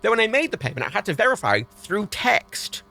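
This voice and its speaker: A British man livestreaming a rant, his voice bright and swinging widely in pitch. He swears constantly and sounds exasperated. Faint music plays behind him. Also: fairly quick, creaky. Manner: exasperated, heavy swearing, animated. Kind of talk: ranting livestream chat.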